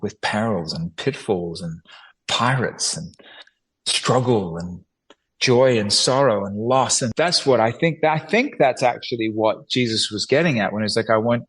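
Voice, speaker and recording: A man who is a musician and filmmaker appears as an interview guest, his husky voice fairly low yet a bit bright. He talks earnestly and animatedly in a reflective conversation, often restarting sentences and acting out little quotes. The recording is rough.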